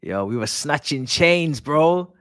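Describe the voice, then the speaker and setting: A young man chatting casually on a football watch-along stream, joking and laughing in slang and erupting loudly at near-misses. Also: fairly high pitch, animated, slow pace, clean tone, no room sound, studio quality. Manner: laughing, nostalgic banter with slang, loud bursts at near-misses.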